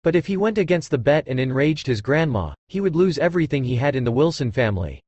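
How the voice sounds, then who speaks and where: A man reads an audiobook aloud in a steady, scripted way. His voice sits fairly high with lively rises and falls, recorded dry and close. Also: fast talker, no room sound, dull audio. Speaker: audiobook narrator. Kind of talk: scripted narration.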